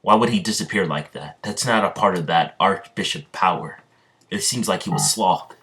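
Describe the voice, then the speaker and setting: Man reading as a stern suspicious knight, low voice, bossy and accusing. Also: normal speed, fairly bright tone, a little hiss or hum. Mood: commanding. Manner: accusing, commanding.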